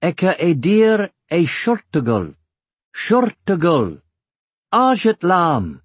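A man voicing an earnest young male hero who speaks clearly and with emphasis. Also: on the high side, very animated, measured pace, no echo, voice pushed up, heavily acted.

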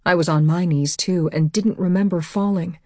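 Woman audiobook narrator, low voice, first-person novel, dry close sound. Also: steady tone, moderate pace, mellow, no room sound.

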